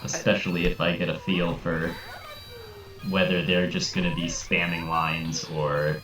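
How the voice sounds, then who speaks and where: Low male co-caster, halting delivery, roomy far-off mic. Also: flat delivery, a bit bright, soft background music. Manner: hesitant, stammering restarts. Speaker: co-commentator. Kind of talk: casual esports commentary.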